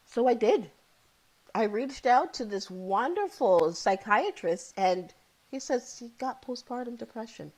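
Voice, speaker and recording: A woman's voice: fairly high pitch, animated, normal speed, a little mellow, low-quality recording. A woman in her thirties or forties, a psychotherapist guest, telling her own story candidly and with feeling, often repeating key phrases. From Ontario, Canada.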